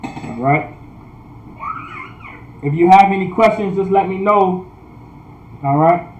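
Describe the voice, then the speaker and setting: A man teaching a language class online, repeating points, often asking "all right?", and sounding out words slowly. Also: high voice, darkish tone, echoey room, a little hiss or hum, poor audio. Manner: repetitive, checks in with "all right?"; restarts sentences often. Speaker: priest.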